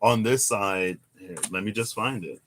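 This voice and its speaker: A young man giving a casual, musing tarot reading, animated at times with sudden high exclamations. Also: measured pace, a little hiss or hum. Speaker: tarot reader. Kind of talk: casual reflective monologue.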